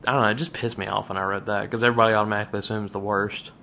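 A man co-hosting a podcast in casual chat, ranting with frequent restarts and sudden jumps up in pitch. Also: very fast, creaky, slight background noise. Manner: animated, restarts often, rants with rising pitch. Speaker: podcast co-host.

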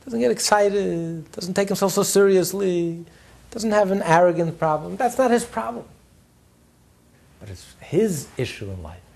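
Husky man giving an animated lecture. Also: on the high side. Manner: animated, swings between loud and quiet, frequent chuckles, repeats words. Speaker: teacher. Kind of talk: religious class lecture.

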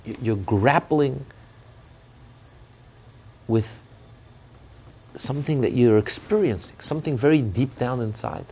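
Gravelly man preaching with passion. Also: mid-range voice, measured pace, long pauses, dark tone. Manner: impassioned, with repeated restarts. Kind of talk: sermon.

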